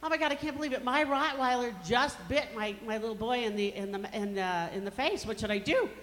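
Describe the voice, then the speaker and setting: A hysterical, halting neighbor mom, as a woman comic puts her on. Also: on the high side, a bit bright, natural voice. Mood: panicked. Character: frantic suburban mother, middle-aged woman. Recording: reverberant hall, faint background noise.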